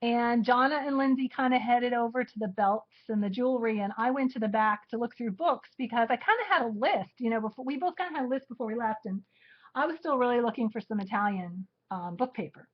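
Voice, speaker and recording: A woman's voice: on the high side, brisk. A woman co-hosting a live show, rambling through a trip story and showing what she bought, laughing often. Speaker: co-host of a live crafting show. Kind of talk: casual storytelling chat. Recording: muffled live-stream audio.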